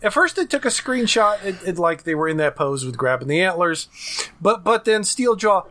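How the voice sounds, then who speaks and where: A podcast co-host chatting casually, tossing in quick reactions and musing questions. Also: medium pitch, very animated, pushed and bright.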